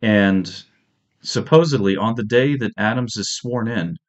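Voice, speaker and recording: Male history lecturer, deep voice, chatty and joking, muffled lo-fi recording. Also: a little slow. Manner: conversational, with restarts and jokey asides. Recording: dull lo-fi audio.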